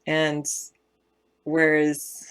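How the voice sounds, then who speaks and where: A woman's voice: deep voice, completely flat delivery, drawn-out words, smooth. A woman from West Virginia with a Southern Californian accent, chatting casually on a live stream and answering viewer comments in a rambling, self-correcting way.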